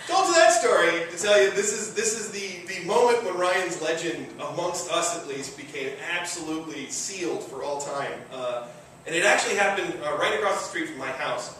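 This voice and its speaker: A man from Michigan tells a true story on stage, casual and chuckling, with plenty of fillers. His voice sits a touch high for a man. It comes from some way off the mic and rings around a very echoey room. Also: expressive, normal speed, fairly bright tone, recorded from a distance, slight background noise. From Michigan, USA. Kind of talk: live comedic storytelling.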